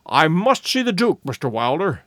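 A man voicing a cold, inexorable male detective who speaks in a measured, precise way in a storybook reading. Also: on the high side, sing-song, fairly bright tone, no room sound, studio quality. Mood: insistent.

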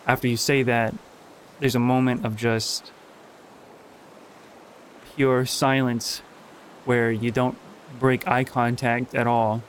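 A man narrating a tabletop role-playing game as game master, slow and dramatic with pauses, faint hiss behind. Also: mid-range voice, flat delivery.

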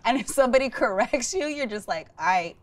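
A woman's voice: a little high, quick pace, recorded from a distance. A woman co-hosting a podcast, laughing and talking in slangy casual chat. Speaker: podcast co-host.

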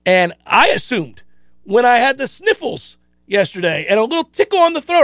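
A middle-aged man hosting a sports radio show, chatting casually and telling stories in an animated, self-deprecating way. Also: very high voice, moderate pace, dry recording. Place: radio studio.

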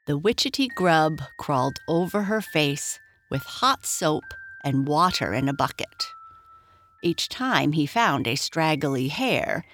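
A woman reading a rhyming children's story aloud, gentle and expressive. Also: low-pitched.

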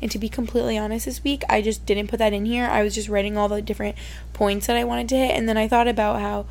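Chatty young woman with a gravelly edge. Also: mid-range voice, flat delivery, quick pace, a little mellow. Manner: chatty, emotional, fillers of "like". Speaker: podcast host. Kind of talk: casual solo podcast chat.

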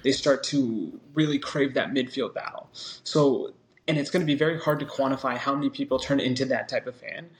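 A man's voice: medium pitch, fairly even intonation, brisk. Earnest man in a podcast chat. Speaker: podcast co-host. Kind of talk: casual podcast discussion.

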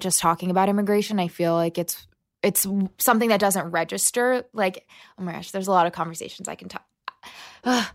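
A woman's voice: medium pitch, no room sound, studio quality. A young adult woman, a journalist and guest, explaining things in an earnest, thoughtful way during a casual interview. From United States.

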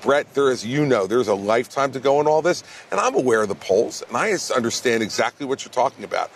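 A man's voice: mid-range voice, expressive, quick pace. A man, a presidential candidate answering questions in a blunt, emphatic way in a TV news interview. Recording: faint background noise.

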